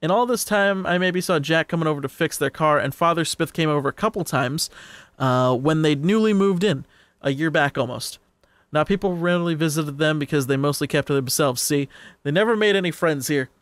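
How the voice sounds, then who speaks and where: A man's voice: a little high, a little fast, fairly bright tone, no echo, lightly acted. A man voicing a chatty, rambling older male neighbor who likes his whiskey, read aloud in a folksy manner.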